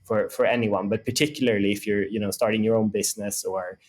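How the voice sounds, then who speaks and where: A man's voice: on the low side, fairly even intonation, quick pace. A man in his thirties, a startup co-founder, talking casually as an interview guest, with lots of fillers and restarts. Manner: rambling, many fillers and restarts.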